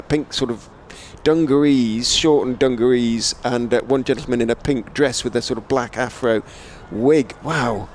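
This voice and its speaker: A man giving relaxed ball-by-ball cricket commentary from a rooftop commentary position, rising with excitement on the big shots. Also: medium pitch, slight background noise. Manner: measured, chatty, lifts to excited calls on big shots. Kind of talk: radio-style ball-by-ball commentary. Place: commentary position on a stadium hotel roof.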